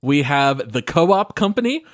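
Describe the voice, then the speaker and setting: Podcast host guy, kinda high voice, dry close mic, laughs a lot, keeps things moving. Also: very animated, unhurried, dry recording. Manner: laughing, upbeat, runs the housekeeping segments. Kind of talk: casual gaming podcast chat.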